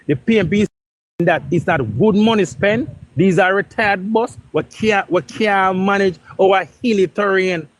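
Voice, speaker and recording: Jamaican guy, high voice, keeps pushing his point in a heated debate. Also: normal speed, no echo. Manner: insistent, repeats himself to hold the floor. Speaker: political debater.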